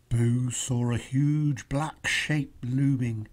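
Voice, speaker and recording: A storybook reader narrating a children's picture book aloud in a warm, expressive way. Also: medium pitch, slow, husky. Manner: expressive, lingering.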